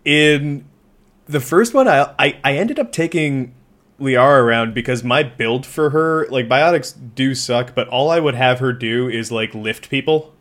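A man's voice: mid-range voice, measured pace, fairly bright tone. A man co-hosting a podcast in casual chat, rambling with restarts and easy laughter. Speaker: podcast co-host.

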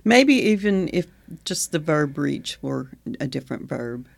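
A man with a deeply gravelly, creaky voice talks through a poem and the roots of old words. His manner is thoughtful and easy, and he breaks into laughter often. The sound is close and dry, with no room around it. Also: big pitch swings, a little slow, no echo. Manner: thoughtful, laughs often, reads etymology aloud. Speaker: podcast co-host. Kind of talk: casual chat about poetry.

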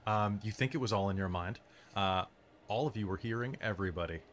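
A man narrating as dungeon master, describing scenes in a calm, measured way. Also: fairly low pitch. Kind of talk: narrating a tabletop game.

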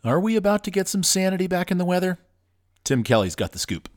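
A man's voice: high-pitched, sing-song, fast. A man hosting a podcast in a laid-back, friendly way. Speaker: podcast host.

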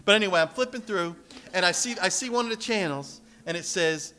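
A man preaching a sermon as pastor, animated, with sudden loud and soft passages and joking asides. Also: brisk. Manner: animated preaching with big swings in loudness and pitch, joking asides.

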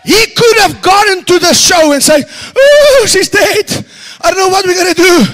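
Fiery, bright-voiced man preaching. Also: extremely high pitch, lively intonation, normal speed. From South Africa. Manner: shouting, stirred-up preaching with sudden quiet drops. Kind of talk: sermon. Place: auditorium.

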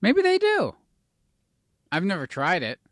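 Rambling animated man, dry sound. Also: sits high, measured pace, no room sound. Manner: rambling, loses his train of thought, swears casually. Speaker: podcast co-host. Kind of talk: casual chat.

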